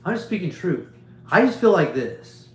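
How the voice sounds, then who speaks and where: Male streamer, preachy rambling monologue, slightly high voice, roomy echo. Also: very animated, moderate pace. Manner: preachy, emphatic, repetitive. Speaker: livestream host.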